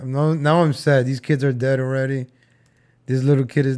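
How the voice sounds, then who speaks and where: A man's voice: medium pitch, flat delivery, normal speed, darkish tone. A young man casually joking and rambling as he reacts to old film footage for his viewers. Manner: joking, rambling, talks to viewers as folks and guys.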